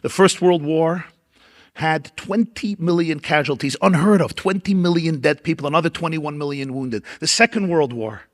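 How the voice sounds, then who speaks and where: A man with a Brooklyn accent delivering a keynote lecture as a rabbi, speaking with dramatic oratory and emphatic repeated lists. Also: medium pitch. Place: large event hall at a dinner.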